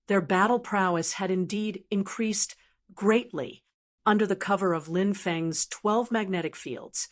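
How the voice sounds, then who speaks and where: Female audiobook narrator, steady even read of a fantasy novel, mid-pitched voice. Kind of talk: scripted narration.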